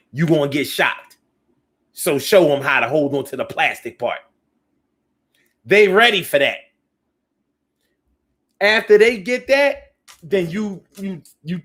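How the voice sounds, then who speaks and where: A man's voice: mid-range voice, fairly bright tone. A man hosting a live call-in talk show, reading out viewer comments and answering them in a loose, slangy, preachy way that repeats lines for emphasis. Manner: loose, slangy speech with many restarts.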